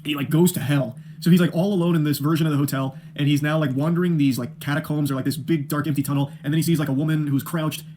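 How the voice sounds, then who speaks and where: Rapid-fire sarcastic man critic. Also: fairly high pitch, steady tone, mellow. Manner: exasperated, profane and sarcastic. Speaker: film critic. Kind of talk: ranting film review.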